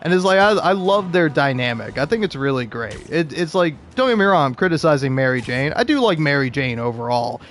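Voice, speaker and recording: A man's voice: on the high side, animated, a little fast, hardly any pauses, fairly bright tone, slight background noise. A young man talking casually about video games, rambling with lots of fillers and frequent laughs. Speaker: video game commentator.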